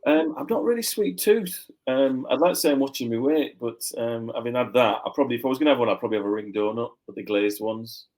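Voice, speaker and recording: A man from Yorkshire, a guest author, chatting casually on a podcast, relaxed and rambling, laughing easily. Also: mid-range voice, fast talker, few pauses, rough recording.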